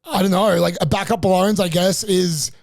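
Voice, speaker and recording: A man's voice: high voice, moderate pace, vocal fry, dry recording, clean studio sound. A young man, ranting through a funny story on a casual podcast, swearing constantly. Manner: animated, profane ranting storyteller. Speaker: podcast co-host.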